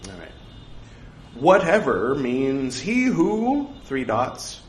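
Slow, expressive man reciting scripture. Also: on the high side, roomy sound, a little hiss or hum. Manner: deliberate, dramatic emphasis; playful, self-mocking digressions. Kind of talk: slow scriptural reading with wry asides.

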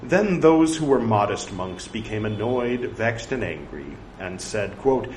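A man reading scripture aloud, saying the quotes and punctuation out loud and breaking off for chatty side remarks. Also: on the low side, expressive, unhurried, few pauses. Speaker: scripture reader. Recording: echoey room with faint background noise.

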